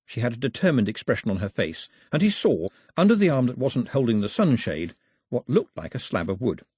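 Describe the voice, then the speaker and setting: A man reading a storybook aloud in an expressive, varied narration. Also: mid-range voice, a little fast, slightly rough, no echo, clean studio sound.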